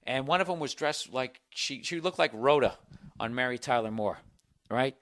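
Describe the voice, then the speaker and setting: A middle-aged man hosts his own podcast and tells a story alone at the mic. He is sarcastic and swears constantly, and his voice sits at an ordinary middle pitch. He throws himself into the telling and keeps it animated. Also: moderate pace. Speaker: podcast host. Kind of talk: solo comedic podcast rant and storytelling.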